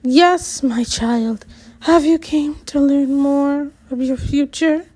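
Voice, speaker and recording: A woman doing a fortune-teller whose voice climbs into a high, put-on drawl. She sounds impatient and loud, stretching her words, and is slow and deliberate in this audiobook reading. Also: steady tone. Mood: mystical.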